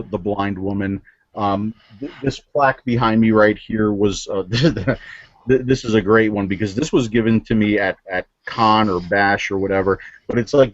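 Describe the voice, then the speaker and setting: A New Jersey man who reviews vaping products joins a casual show over a video call, telling stories earnestly with many fillers and restarts. His fairly low voice has no room sound, and the highs are cut off.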